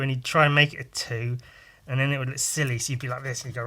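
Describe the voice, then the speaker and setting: A man's voice: medium pitch, fast talker, sharp tone. A man hosting a podcast, rambling casually with crude, self-mocking humour while he draws. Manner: talks while drawing. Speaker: podcast host.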